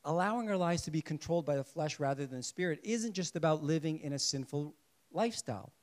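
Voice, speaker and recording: A man delivering a sermon with a fairly high voice. He preaches in a lively way, putting questions to the congregation and slipping in jokes. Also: fast. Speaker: pastor.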